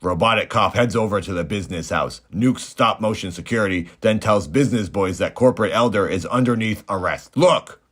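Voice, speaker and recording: A man with a very deep, low voice recaps a movie for laughs. He keeps a flat, deadpan, mock-naive delivery throughout, as if reading a serious report. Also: a little fast, hardly any pauses. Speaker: comedy movie reviewer. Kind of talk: deadpan comedic narration.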